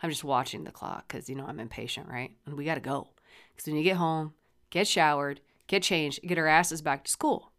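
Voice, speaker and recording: Blunt, swearing mom telling a story. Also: female voice, sits low, fairly quick, fairly bright tone. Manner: blunt, swears freely, rambling retelling. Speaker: podcast host and mother. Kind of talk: casual storytelling.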